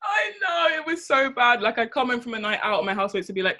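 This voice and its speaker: Young woman, twenties, casual chat, bright voice, laughs a lot. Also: on the high side, quick pace. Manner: laughing, animated storytelling.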